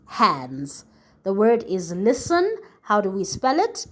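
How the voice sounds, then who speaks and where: Woman slowly dictating spelling words. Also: mid-range voice, very animated, bright, forceful tone. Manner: clear, patient, slow letter-by-letter dictation. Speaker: teacher. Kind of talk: spelling lesson, slow dictation.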